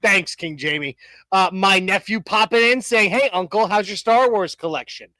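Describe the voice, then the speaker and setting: A man's voice: high voice, normal speed, sharp tone, dry recording, low-quality recording. A man in his thirties co-hosting a casual sports talk show, rambling with many restarts and fillers and cracking jokes. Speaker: podcast co-host.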